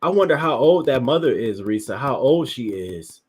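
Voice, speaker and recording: A man's voice: mid-range voice, lively intonation, normal speed, darkish tone, slightly rough. A man hosting a commentary show, reacting to news stories with emphatic, profane outrage.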